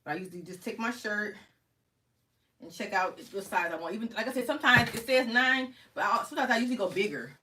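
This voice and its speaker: A woman teaching a crafting tutorial in a casual, fast-talking way, often checking in with the viewer by asking "okay?" as she walks through each step from her home craft workspace. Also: mid-range voice, expressive, pushed and bright, slight background noise. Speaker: crafting instructor. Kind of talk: casual screen-share tutorial.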